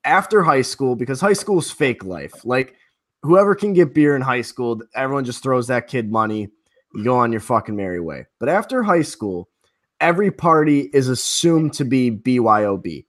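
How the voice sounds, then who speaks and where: A man co-hosting a podcast in relaxed, casual banter with some casual swearing. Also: mid-range voice, moderate pace. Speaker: podcast co-host.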